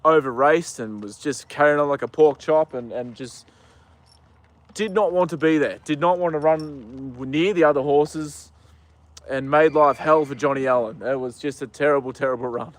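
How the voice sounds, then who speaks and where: A man's voice: fairly high pitch, normal speed, no echo. A young Australian man chatting casually on a live stream outdoors, rambling with lots of ums and uhs. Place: outdoors with a horse.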